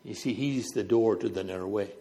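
A man's voice: on the low side, brisk, mellow. A middle-aged male preacher from New Brunswick, Canada, giving a sermon and telling stories while walking back and forth and illustrating with gestures.

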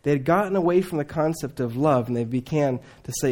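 A man preaching a sermon, swinging between loud emphatic lines and hushed, low asides. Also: a little fast.

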